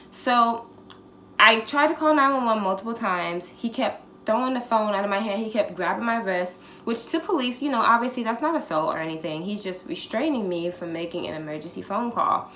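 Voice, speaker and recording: A woman's voice: medium pitch, normal speed. A woman in her twenties recounts a personal ordeal for her vlog, frank and profane, slipping into the voices of the people she quotes. Her voice sits in a middle register. It rings off the walls of an echoey room, with a faint hiss underneath. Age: 20s. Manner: candid, profane, animated retelling with acted-out quotes. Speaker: vlogger. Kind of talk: storytime vlog.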